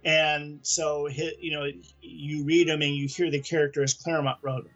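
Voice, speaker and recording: A man chatting on a comics podcast, his voice sitting a bit high for a man. He talks loosely, circling back and restarting thoughts as he goes, with faint music under it. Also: little pitch movement, normal speed, a bit bright, highs cut off. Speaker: podcast co-host. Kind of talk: casual chat about comics.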